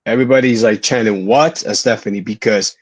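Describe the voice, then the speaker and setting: Eager, high-voiced male co-host. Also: lively intonation, dry recording. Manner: eager storytelling with quick asides. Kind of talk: casual panel chat.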